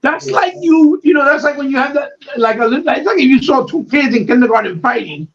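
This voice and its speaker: A man's voice: very high-pitched, animated, fairly quick, creaky, highs cut off. A man co-hosting a podcast, ranting heatedly with a lot of profanity in casual talk. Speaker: podcast co-host.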